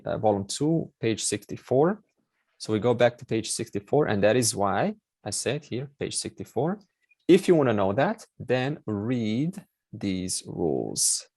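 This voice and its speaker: Low gravelly man teaching a class. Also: a little mellow, dry recording. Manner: explains step by step, repeats key words, many fillers. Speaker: Sanskrit teacher. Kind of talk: online class lesson.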